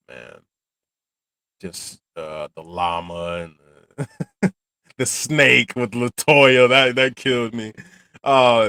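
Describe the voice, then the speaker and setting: A man hosts a casual reaction video, rambling freely and breaking into frequent laughter. His speaking voice sits on the low side. The recording is close and dry, with almost no room sound. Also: no echo. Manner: animated, rambling, laughs often. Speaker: channel host reacting to a film.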